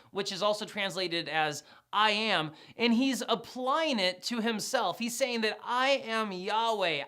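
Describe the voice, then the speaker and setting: A woman's voice: mid-range voice, bright, forceful tone. A woman giving an explanatory Bible lesson in a conversational, emphatic way. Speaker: Bible teacher.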